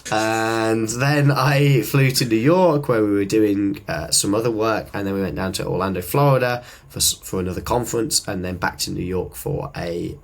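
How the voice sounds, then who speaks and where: A man's voice: lowish voice, normal speed, creaky, hardly any pauses. A man from the UK co-hosting a podcast, chatting in a rambling, jokey way about his work and travels. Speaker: podcast co-host, musician and videographer. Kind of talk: casual podcast chat.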